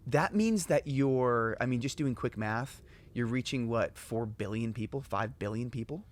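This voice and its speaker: Enthusiastic man hosting a podcast. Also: measured pace. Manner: enthusiastic, acts out quotes with jumps in pitch. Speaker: podcast host. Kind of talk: casual chat.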